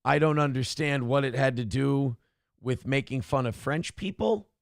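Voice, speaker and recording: A man's voice: medium pitch, normal speed, gravelly, no echo, studio quality. A man hosting a live-stream talk show, ranting in a profane, exasperated, rambling way.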